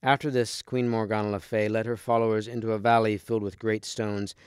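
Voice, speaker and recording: A man reading a storybook aloud with steady, clear storytelling. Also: on the low side, fairly quick, no echo, studio quality. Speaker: storybook reader.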